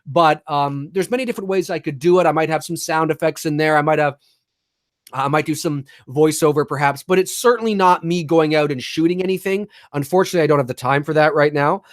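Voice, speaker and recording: A man co-hosting a live-stream chat show, talking casually and at length with frequent restarts and the odd curse. His voice sits a little high, and the recording is dry with no room sound. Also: fast talker, no echo. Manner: rambling, animated, restarts, swears casually. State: talking with a lozenge in his mouth. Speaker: podcast co-host.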